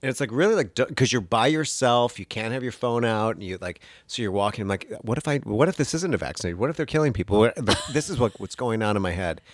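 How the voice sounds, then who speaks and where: A man tells a comic story in a loose, chatty way, often jumping into higher voices to act out the people he met. His voice sits in an ordinary middle range and sounds dry and close, with almost no room around it. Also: fast talker, hardly any pauses, no room sound. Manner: animated, acts out quoted voices in a higher pitch. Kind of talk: casual comedic storytelling.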